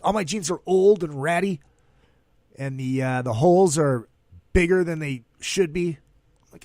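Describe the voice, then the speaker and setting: Stream host, male, animated cussing raconteur, fairly high voice. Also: measured pace, long pauses, no echo, clean studio sound. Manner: animated storytelling with profanity and acted-out quotes. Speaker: host of an online talk stream. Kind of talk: casual rambling monologue. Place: at home.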